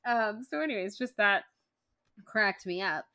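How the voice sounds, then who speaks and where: A woman co-hosting a casual podcast about books and movies, animated, laughing often and slipping into playful impressions. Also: mid-range voice, unhurried, crowd noise. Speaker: podcast co-host.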